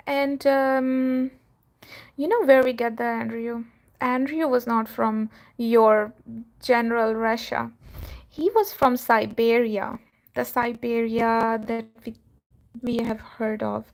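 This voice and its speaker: Woman, live-stream host, casual chat, fairly high voice, gravelly edge, laughs between thoughts. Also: fairly even intonation, slow. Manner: chatty, laughs often, trails off with fillers. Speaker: cattery owner and channel host.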